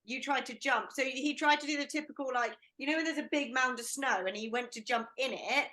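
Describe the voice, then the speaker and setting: A woman's voice: high voice, a little fast, pushed and bright. A woman guest in a casual group chat, teasing her partner and giggling as she tells stories.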